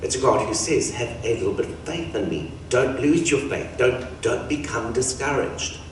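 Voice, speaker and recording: A man's voice: mid-range voice, moderate pace. A male pastor delivers a sermon in a conversational way, slipping into quoted voices as he tells the story. He is heard from some distance in a very echoey hall, with faint room noise behind him. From Australia. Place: church hall.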